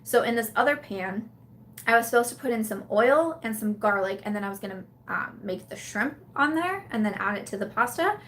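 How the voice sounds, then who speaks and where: Animated young woman telling a story. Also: on the high side, fairly quick, slight background noise. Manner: animated, laughing storyteller, many fillers. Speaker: livestream host. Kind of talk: casual live chat storytelling.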